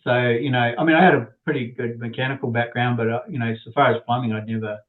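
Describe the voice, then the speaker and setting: A man's voice: mid-range voice, fairly even intonation, fast. Man telling a rambling story over a phone line. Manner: rambling, with many restarts and little laughs. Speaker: inventor, podcast guest. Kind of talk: casual storytelling.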